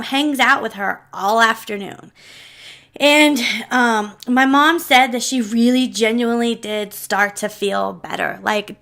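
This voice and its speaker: Bright chatty woman telling a story. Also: on the high side. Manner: chatty and rambling, many asides and fillers, emotional. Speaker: storyteller and channel host. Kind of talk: casual storytelling vlog.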